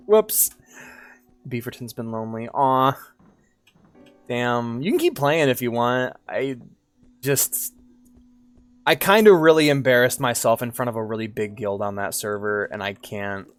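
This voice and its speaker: A man's voice: medium pitch, animated, unhurried, pauses often, no echo, soft background music. Rambling, sheepish male streamer. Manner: rambling, sheepish, swears a lot, many restarts. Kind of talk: casual stream chat while gaming.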